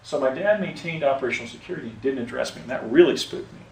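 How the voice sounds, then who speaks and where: Racing along at a medium pitch, a man tells a personal story outdoors, rambling, correcting himself, and restarting sentences often in an unscripted first-person account. The distant mic picks up roomy echo, faint ambience, and a little hiss or hum.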